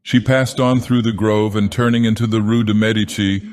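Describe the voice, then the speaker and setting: Grave theatrical storyteller, man, very low voice, long hall reverb. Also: fairly even intonation, a little mellow. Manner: slow, grave theatrical villain persona. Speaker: audiobook narrator. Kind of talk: scripted storybook narration.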